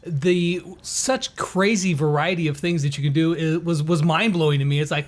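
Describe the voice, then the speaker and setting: High-voiced, enthusiastic male interviewer. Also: steady tone, moderate pace. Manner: enthusiastic, laughs often. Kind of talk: interview chat.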